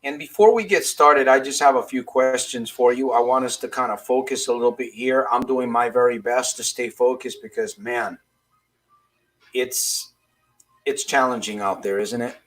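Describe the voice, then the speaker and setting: A man's voice: medium pitch, fairly even intonation, moderate pace, fairly bright tone, faint music behind. A man coaching live on a broadcast, talking loosely, repeating questions to his viewers and often restarting his sentences. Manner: rambling, repeats questions to the audience, frequent restarts. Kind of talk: casual motivational livestream talk.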